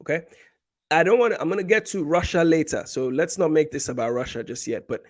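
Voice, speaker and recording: A man from Nigeria hosting a casual political commentary livestream, animated and repeating points for emphasis, with many fillers and restarts. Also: a little high, quick pace.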